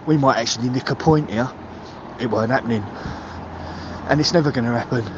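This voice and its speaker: A man's voice: medium pitch, brisk, muffled recording, noisy background. Furious swearing male football fan caller. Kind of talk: voicemail rant.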